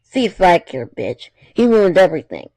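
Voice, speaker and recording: A man reading aloud, voicing a furious young woman who shouts insults in a raised voice. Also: high voice, sing-song, normal speed, dry recording, exaggerated voice. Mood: enraged.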